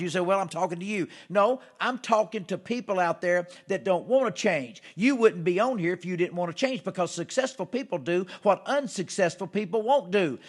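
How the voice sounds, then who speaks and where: Man, motivational speaker, slightly high voice, fired-up preaching, repetitive and emphatic. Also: lively intonation, normal speed, hardly any pauses. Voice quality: emphatic, repetitive, rising to loud exhortations. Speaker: motivational speaker hosting a live broadcast. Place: theater or studio.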